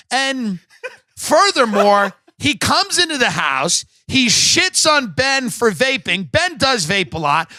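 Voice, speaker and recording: High-pitched man ranting comedic podcast monologue. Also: sharp tone, dry recording. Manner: profane, sarcastic, rambling rant. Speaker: podcast host. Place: home podcast set.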